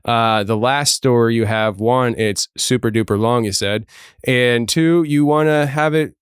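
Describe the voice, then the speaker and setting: Smooth-voiced male podcast host. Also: medium pitch, unhurried, dry recording, studio quality. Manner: relaxed, many fillers, jokey. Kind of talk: casual interview chat.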